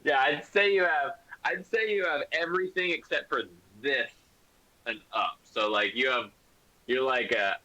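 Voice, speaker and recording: A man's voice: medium pitch, unhurried, bright, forceful tone, muffled recording. A man narrating a tabletop game as game master, rambling with many fillers. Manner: rambling, full of "like" and "um".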